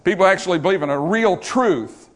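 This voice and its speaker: Emphatic high-voiced male preacher. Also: lively intonation, a little fast. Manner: emphatic, rising to forceful repetition, rhetorical questions. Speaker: pastor. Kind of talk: sermon.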